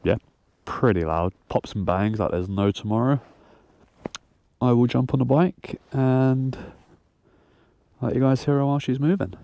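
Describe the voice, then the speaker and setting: A man's voice: medium pitch, measured pace, vocal fry, long pauses, no room sound, dull audio. A man with a congested, nasal voice from a cold, chatting casually as he rides a motorbike on trails. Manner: chatty, loose, repeats himself. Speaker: motorcycle vlogger. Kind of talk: casual chat while riding. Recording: loud engine and wind noise.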